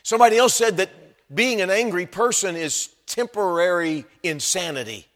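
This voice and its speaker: Preacher shouting and dropping to asides. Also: male voice, high-pitched, normal speed, in a large hall. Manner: swings from soft asides to shouted emphasis. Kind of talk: sermon.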